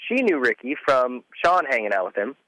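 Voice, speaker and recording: Guest man, lively up-and-down pitch, rambling anecdotes, dry close sound. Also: brisk, dry recording, poor audio. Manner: animated, rambling, laughs at himself. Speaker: podcast guest. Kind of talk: casual storytelling.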